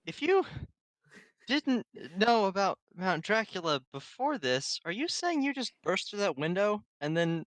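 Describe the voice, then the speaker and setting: Lively, dry-sounding player questioning others. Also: female voice, medium pitch, unhurried, dry recording. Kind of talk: casual tabletop play.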